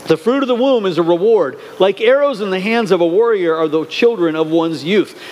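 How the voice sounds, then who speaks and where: A man preaching a sermon as pastor, earnest, swinging between emphatic lines and quiet asides. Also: high voice, animated, fairly quick, a little hiss or hum.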